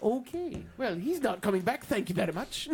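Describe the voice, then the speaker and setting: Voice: mid-range voice, big pitch swings, moderate pace, creaky, darkish tone, breathy edge, heavily acted. A game master voicing a fussy, scheming fantasy shopkeeper who stammers through the sale in a tabletop role-play. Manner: flustered, stammering shop talk.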